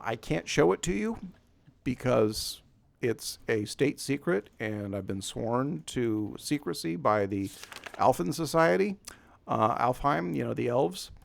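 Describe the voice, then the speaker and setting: A man's voice: medium pitch, creaky, no room sound. A man with a scratchy voice giving casual, rambling gameplay commentary as a let's play host, chuckling at himself. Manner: rambling, self-deprecating, chuckles often.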